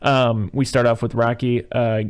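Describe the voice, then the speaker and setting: A man's voice: medium pitch, little pitch movement, moderate pace, smooth. A man hosting a casual movie podcast, rambling through a recap with plenty of fillers. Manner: rambling, many fillers and "you know"s. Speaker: podcast host.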